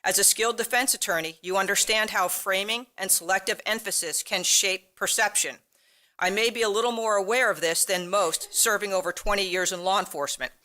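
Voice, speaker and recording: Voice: medium pitch, steady tone, fairly quick, bright, forceful tone. A middle-aged speaker reading a pointed, formal, critical statement during public comment at a council meeting.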